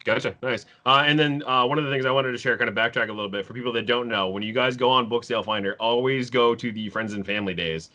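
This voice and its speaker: A man hosting a casual interview, quick and agreeable, with lots of short acknowledgments. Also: medium pitch, pushed and bright, lo-fi sound. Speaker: interview host.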